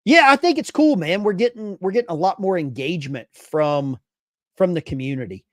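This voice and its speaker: A man's voice: high voice, animated, fairly quick, fairly bright tone, no room sound, studio quality. A man hosting a casual live stream, reading chat messages aloud with bursts of enthusiasm. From Arkansas.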